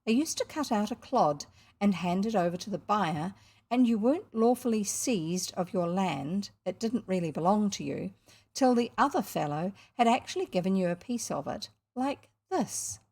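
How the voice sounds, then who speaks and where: A woman reading aloud and voicing Puck, a mischievous ancient male hill sprite, with a lively, breathy, teasing manner. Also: medium pitch, moderate pace. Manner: lively, teasing, sing-song when chanting. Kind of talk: storybook reading.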